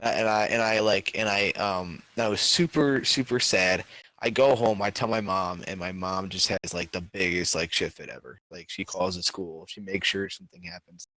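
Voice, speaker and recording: Low-pitched male podcast co-host, rambling casual storyteller, dry close sound. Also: fairly even intonation, moderate pace, pushed and bright, no echo. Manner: rambling storyteller, many filler words. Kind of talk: casual chat.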